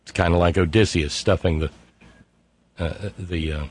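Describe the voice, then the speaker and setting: A man's voice: low-pitched, fairly even intonation, moderate pace, husky. A middle-aged man hosting a call-in radio show, sardonic, reading listener messages aloud in mocking voices. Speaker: radio talk show host.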